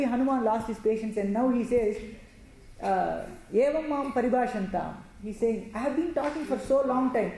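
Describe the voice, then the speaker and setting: Woman doing a devotional story talk, reads verses then explains, mellow voice, super echoey room. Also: fairly high pitch. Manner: recites Sanskrit verses then explains them, with frequent restarts. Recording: very echoey room with faint noise.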